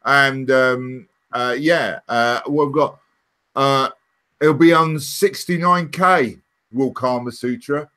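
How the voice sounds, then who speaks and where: A man's voice: medium pitch, slow, bright, forceful tone. A man co-hosting a casual fan chat, reading out viewer comments and laughing often.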